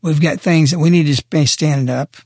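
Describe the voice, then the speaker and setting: Forceful preaching man on talk radio. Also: on the high side, a little fast, no echo, clean studio sound. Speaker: radio show guest speaker. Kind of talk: impassioned radio commentary.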